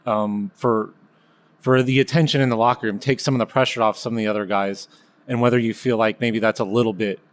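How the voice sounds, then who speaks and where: A fast-talking man co-hosting a sports podcast, wandering through his questions with plenty of hedges. The delivery is casual and conversational. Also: fairly low pitch, steady tone. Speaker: podcast co-host.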